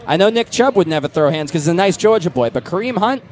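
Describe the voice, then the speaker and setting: A brash man from Boston hosts a comedy show, teasing passersby with jokes. His voice is high and swings up and down with lively animation. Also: fast. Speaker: host.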